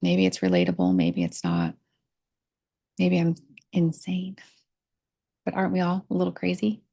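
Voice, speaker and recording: A middle-aged woman speaking candidly in an unscripted personal vlog, halting often with pauses and fillers. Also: on the low side, gravelly, warm tone. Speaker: vlogger sharing a personal reflection. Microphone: camera mic.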